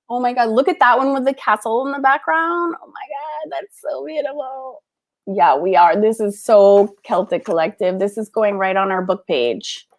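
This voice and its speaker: A woman's voice: medium pitch, moderate pace. A woman hosting a casual livestream, unboxing art books and gushing with gasps and laughs. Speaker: art school host.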